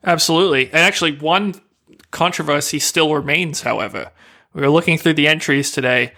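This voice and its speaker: A man's voice: on the high side, brisk, creaky, sharp tone. A man co-hosting a podcast in casual chat, laying things out step by step. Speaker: podcast co-host.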